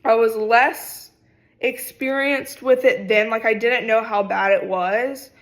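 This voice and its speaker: A young woman in her twenties, a vlogger, telling a personal story in a casual, animated, dramatic way. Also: on the high side, slow pace. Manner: animated, dramatic retelling with acted quotes.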